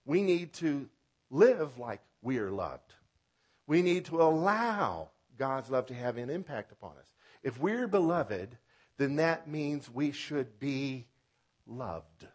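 A male pastor at a medium pitch delivers his sermon with lively, animated energy. He leans on playful wordplay and repeated phrases. His voice swings from loud, emphatic declarations to soft, hushed lines. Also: slow.

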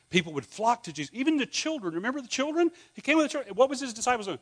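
Scottish male pastor, middle-aged, higher voice, chatty sermon with questions to the room. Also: very animated, very fast, hardly any pauses, fairly bright tone. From Scotland. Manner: conversational, asks the congregation questions, joking asides.

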